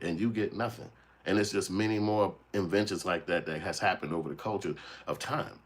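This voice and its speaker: A man on a profane commentary livestream, ranting bluntly and talking to his chat. His voice sits a little low and sounds husky. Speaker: channel host commenting on a clip.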